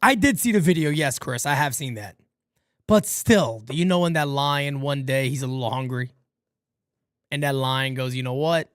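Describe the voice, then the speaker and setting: A man's voice: medium pitch, normal speed, dry recording, studio quality. A male livestream host calling a baseball game as fan play-by-play, rambling between tangents in a loose, profane way. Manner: animated, rambling, swears casually. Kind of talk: live fan play-by-play commentary.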